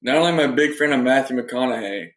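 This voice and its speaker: A man's voice: medium pitch, expressive, quick pace, fairly bright tone. A man co-hosting a casual podcast chat, blunt and loose, swearing freely. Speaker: podcast co-host.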